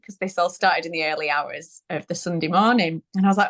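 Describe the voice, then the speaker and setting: Brisk and with few pauses, a lowish, slightly bright female voice recounts a birth story. She's a woman in her thirties on a parenting interview, chatting casually and laughing frequently.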